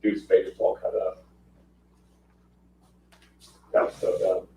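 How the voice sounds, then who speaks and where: A man's voice: sits low, brisk, vocal fry, a little hiss or hum. A man telling fight stories in casual chat, acting out quotes and laughing often. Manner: animated storyteller, acts out quotes, laughs often. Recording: roomy, distant, muffled podcast audio.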